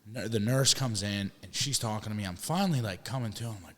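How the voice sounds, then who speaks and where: Casting note: young guy, low voice, loose and profane storyteller, recorded in a reverberant room. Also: fast. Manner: rambling, swearing, restarts. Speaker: podcast co-host. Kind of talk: casual storytelling chat.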